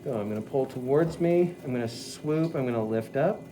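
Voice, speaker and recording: A man's voice: mid-range voice, normal speed, noisy background. A middle-aged man teaching pottery at the wheel, chatty and talking students through each step. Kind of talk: live wheel-throwing demonstration.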